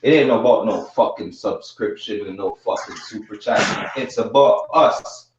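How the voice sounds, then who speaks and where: A man's voice: fairly low pitch, measured pace, background noise. A man on a livestream panel, talking in an indignant, profane and emphatic way. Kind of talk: heated livestream chat. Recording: distant, roomy, muffled mic.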